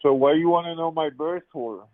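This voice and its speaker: A man's voice: on the high side, moderate pace, no echo. A man in his fifties calling into a live debate show, insistently repeating his argument over and over. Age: 50s. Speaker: caller. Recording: tinny phone line.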